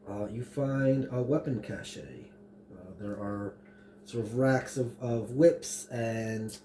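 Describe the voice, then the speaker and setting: A man running a tabletop game as game master, describing scenes and monster actions in a halting way full of fillers. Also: mid-range voice, mellow, a little hiss or hum.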